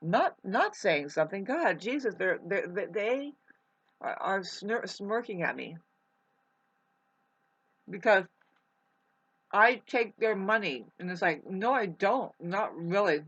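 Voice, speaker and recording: A woman's voice: mid-range voice, big pitch swings, slow pace, pauses often, a bit bright, husky. A woman vlogger rambling in a casual monologue. She swears freely, restarts her sentences often and eats while she talks. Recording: muffled lo-fi recording.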